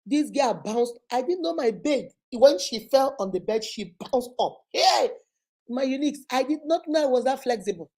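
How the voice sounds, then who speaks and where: A Nigerian woman in her forties with a Nigerian accent, hosting and telling a personal story in an animated, dramatic way with frequent laughter. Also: high-pitched, normal speed, hardly any pauses. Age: 40s. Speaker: host. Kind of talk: storytelling to viewers.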